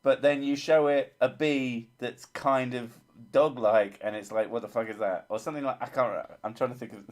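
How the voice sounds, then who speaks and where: A man's voice: mid-range voice, fairly even intonation, moderate pace. A man hosting a casual live stream, reading chat with dry, sweary teasing.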